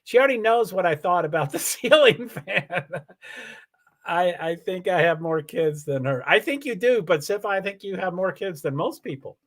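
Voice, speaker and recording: A man's voice: high voice, animated, moderate pace. A man hosting a casual livestream, answering viewer comments in a rambling way with many restarts. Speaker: livestream host.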